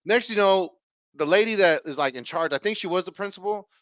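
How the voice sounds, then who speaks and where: A man in his thirties hosting a podcast, telling a rambling, profane story in a casual, animated way, acting out what people said. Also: high voice, brisk, no room sound. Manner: animated, profane, swings loud and quiet while acting out quotes. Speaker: podcast host.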